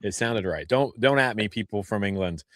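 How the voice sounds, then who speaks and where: A man's voice: on the low side, animated, moderate pace, a bit bright, no echo. Guy cohost goofing around, rambles a bit, dry room sound. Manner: joking, rambling, self-mocking. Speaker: podcast co-host. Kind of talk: casual chat.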